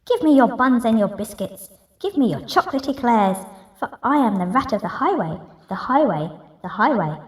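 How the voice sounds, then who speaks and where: A woman voicing a greedy, boastful male rat highwayman in a gruff, swaggering voice, reading a picture book aloud. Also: sing-song, normal speed. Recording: roomy echo, distant mic.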